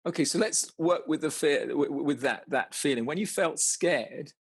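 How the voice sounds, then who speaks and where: Husky-voiced man coaching, halting and chatty. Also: fairly high pitch, no echo. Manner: halting, restarts words, laughs often, swears casually. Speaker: coach guiding an exercise. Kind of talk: casual guided conversation.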